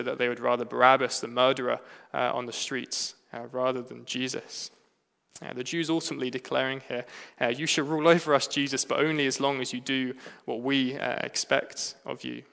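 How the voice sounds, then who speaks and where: An English man delivers a sermon in a halting cadence, breaking his phrases with frequent "uh" fillers. His voice is bright and gravelly, with little rise and fall. A long reverb trails behind him, as in a large hall. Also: medium pitch. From England. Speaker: preacher.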